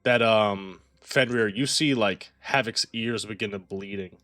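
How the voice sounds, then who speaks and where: Bright-voiced man narrating a tabletop game. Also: fairly low pitch, measured pace, soft background music. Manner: casual narration full of "like". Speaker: game master.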